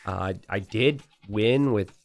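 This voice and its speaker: A man's voice: on the low side, a little slow, vocal fry. A young adult man giving casual, chatty commentary over a strategy game replay, telling the story with plenty of "uh" fillers.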